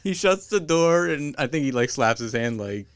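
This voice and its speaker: A man's voice: a little high, lively intonation, no echo, clean studio sound. A man co-hosting a podcast, casually recapping a cartoon episode, laughing often and quoting lines. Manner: laughs often, quotes lines in quick put-on voices. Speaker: podcast co-host.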